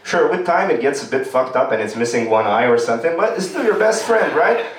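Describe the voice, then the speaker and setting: A man tells loose, rambling stories on a comedy club stage. His voice sits at an ordinary middle pitch. The sound is roomy and comes from some way off the mic. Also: sing-song, a little fast. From Romania. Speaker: stand-up comedian. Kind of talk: stand-up comedy. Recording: echoey room, distant mic.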